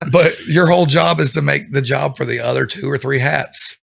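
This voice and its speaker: This is a middle-aged man with a gravelly, fry-edged voice. He talks casually as a former drill instructor, with blunt, profane humor. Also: mid-range voice, moderate pace, a bit bright, slight background noise. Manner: blunt, profane storytelling with laughter. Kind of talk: casual podcast chat.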